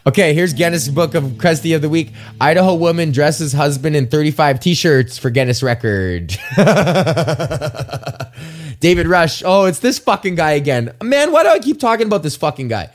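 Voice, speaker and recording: Dude ranting solo on his podcast, swears constantly, keeps restarting his sentences, voice a bit on the high side. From Canada. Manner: profane, rambling, self-deprecating, restarts sentences. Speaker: podcast host. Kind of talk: rambling solo podcast rant.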